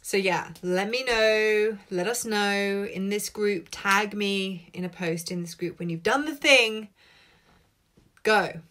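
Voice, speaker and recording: A woman's voice: medium pitch, slow, a bit bright. A woman hosting a live stream, chatting casually to viewers, swearing freely and reacting to their comments. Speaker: host of live tapping session. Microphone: laptop.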